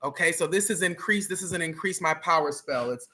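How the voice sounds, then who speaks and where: A spiritual teacher on a livestream, chanting syllables slowly and deliberately and laughing at themselves between chants. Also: mid-range voice, sharp tone.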